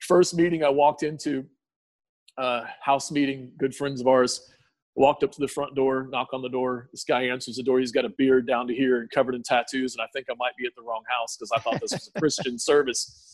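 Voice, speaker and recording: A man giving an emotional personal testimony in a podcast interview, tearful, earnest and halting, with many restarts. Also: medium pitch, steady tone, dry recording. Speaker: guest sharing testimony.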